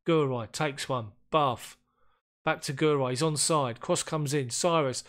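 A man giving casual commentary on a football management game, getting excited and frustrated as chances slip away. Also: a little high, a little slow. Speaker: gaming YouTuber.

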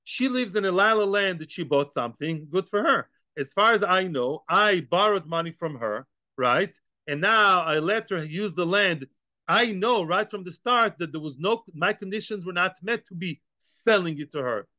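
Animated man teaching a Talmud class. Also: high-pitched, normal speed, dry recording, muffled recording. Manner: animated, rhetorical questions, acts out both sides.

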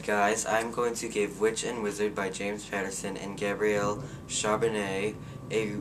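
A man's voice: fairly low pitch, flat delivery, moderate pace, noisy background. Opinionated teen guy reviewing a book. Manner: opinionated and sarcastic. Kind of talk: casual book review vlog.

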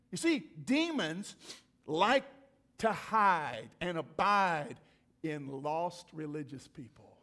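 Male pastor, sermon, high voice, emphatic, repeats lines, loud then hushed. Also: sing-song, slow. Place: church.

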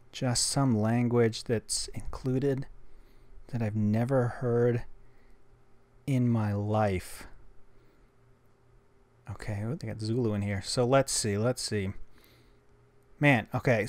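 A man from the United States chatting casually through a gadget unboxing, excitable and talking to himself as he tries it out. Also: medium pitch, no echo. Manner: chatty, excitable, talks to himself while testing. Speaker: tech YouTuber. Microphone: desk microphone he records on.

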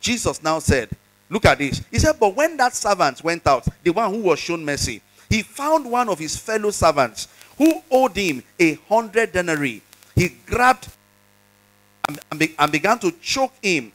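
A high-pitched male pastor preaches during a church service. He reads scripture aloud and acts out its dialogue. He presses the congregation with repeated questions. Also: expressive, normal speed, fairly bright tone, low-quality recording. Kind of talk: sermon with scripture reading.

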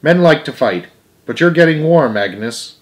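A man reading a storybook aloud, voicing a small, earnest mouse who acts as a solemn, fair-minded teacher, in a lively, emphatic voice. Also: a little slow. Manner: lively, emphatic, higher and louder than his narration.

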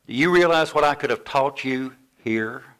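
Recounting a tale from when he was a student, an older man preaching as a pastor brings it to life by performing the voices of its characters. He speaks at a medium pitch and normal speed.

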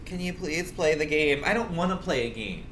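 A man's voice: a little high, lively intonation, a little fast, a bit bright, slight background noise. A young adult man chatting casually on a livestream, profane and complaining, congested and coughing now and then.

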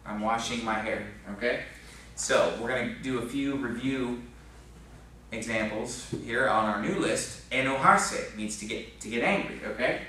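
A man's voice: mid-range voice, measured pace, bright, forceful tone. Guy teaching spanish class, keeps asking okay?, echoey room, noisy far-off mic. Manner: explains patiently, asks the class questions, frequent "okay?". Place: church classroom.

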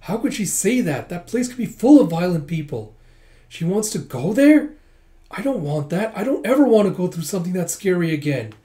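A spirited young noblewoman, proud and quick to take offence, read aloud by a man. She protests indignantly, a touch higher and livelier than a plain speaking voice. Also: animated, warm tone, close to an everyday voice. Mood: worried, agitated.

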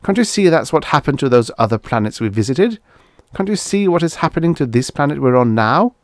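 A man's voice: on the high side, very animated, a little fast, no echo, clean studio sound, voice pushed up. A man voicing a frightened spaceman who pleads urgently in a raised voice. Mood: urgent, pleading.

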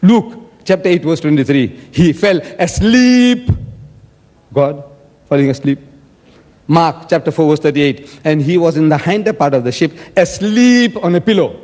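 A man's voice: a little high, expressive, normal speed, a little mellow. A man giving an emphatic, argumentative debate speech and acting out the words he quotes. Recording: long hall reverb.

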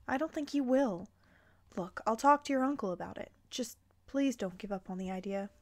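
A woman's voice: on the high side, moderate pace, darkish tone. A woman reading as a tender male elf.

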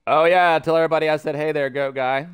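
A fast-talking man with a fairly high, steady, clean voice streams a game while commenting as a pompous cartoon mayor. His put-on politician voice rambles along in a Boston-style accent that keeps slipping into Brooklyn.

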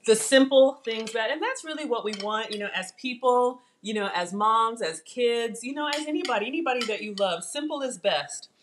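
A woman's voice: a little high, normal speed, hardly any pauses, slight background noise. A middle-aged woman hosting a live cooking stream in her home kitchen, chatting casually, laughing and reading viewer comments aloud.

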